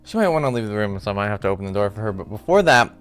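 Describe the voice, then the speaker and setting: Chatty low-voiced man recapping a show. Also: very fast, clean tone, faint music behind. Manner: chatty, rambling, animated asides. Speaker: TV episode breakdown host. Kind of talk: casual recap commentary. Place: room at home.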